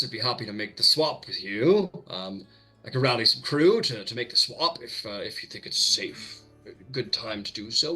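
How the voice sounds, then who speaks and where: A man's voice: mid-range voice, sharp tone. A man voicing a courteous, hesitant male gith smuggler contact in a tabletop game.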